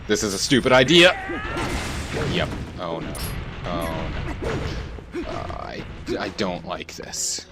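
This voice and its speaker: Guy livestreaming a game, slow and drawn out, muttering then blowing up, some game music faint behind. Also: sits low, sing-song. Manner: thinks aloud, swings between mutters and frustrated outbursts. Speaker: game streamer. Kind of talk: casual live gameplay commentary.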